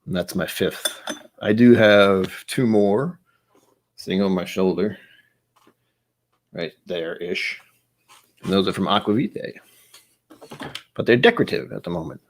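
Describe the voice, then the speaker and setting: A man from the States hosts a whisky tasting on a casual livestream from his home, his voice sitting a little low. He rambles, mutters to himself while setting up, and pokes fun at himself between sips. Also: lively intonation, a little slow, long pauses, a little hiss or hum. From United States. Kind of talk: casual solo livestream chat. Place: home room, seated at a desk with glasses.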